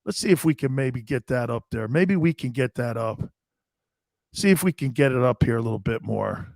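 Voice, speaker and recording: A man hosting a live sports talk show and reading viewer chat, loud, jokey and profane, laughing often. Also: mid-range voice, vocal fry, dry recording, studio quality. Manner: rapid, excitable banter.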